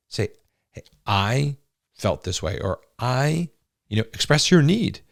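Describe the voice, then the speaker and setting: Low-voiced man explaining earnestly. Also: expressive, moderate pace, creaky, no echo, clean studio sound. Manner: earnest, explanatory, frequent restarts. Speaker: podcast co-host, husband. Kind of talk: casual chat.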